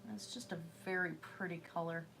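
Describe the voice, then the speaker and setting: A woman's voice: fairly low pitch, fairly even intonation, brisk, creaky, sharp tone, slight background noise. A woman chatting casually while she paints on a livestream, rambling with fillers and self-corrections. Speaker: artist livestreaming a painting session.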